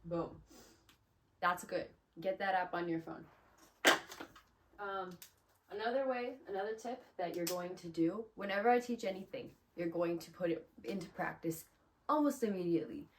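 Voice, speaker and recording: A woman's voice: on the low side, normal speed, background noise. A woman giving a casual, chatty video lesson as a Spanish teacher, upbeat and full of "like" and "um". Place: small closet room.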